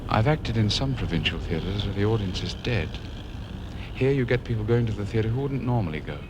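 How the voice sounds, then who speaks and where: A man's voice: on the low side, animated, a little fast, noisy background. A theatre director stating his views in a firm, declarative way.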